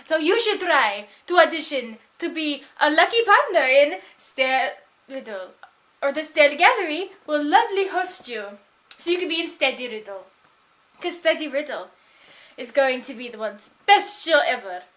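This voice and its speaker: A woman putting on the voice of a rambling game show promoter in an improvised character monologue, with a slow, drawn-out, effusive delivery. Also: high-pitched, lively intonation, fairly bright tone.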